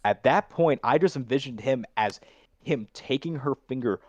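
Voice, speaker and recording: A man, a voice acting student, reflecting on his performance in a casual coaching chat and speaking quickly when he explains. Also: medium pitch, lively intonation, dry recording.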